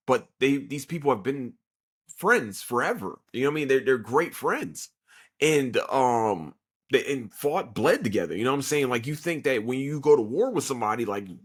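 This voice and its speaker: A man hosting a podcast, casually reviewing an anime with a profane, excitable retelling full of fillers. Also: medium pitch, slightly rough. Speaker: podcast host.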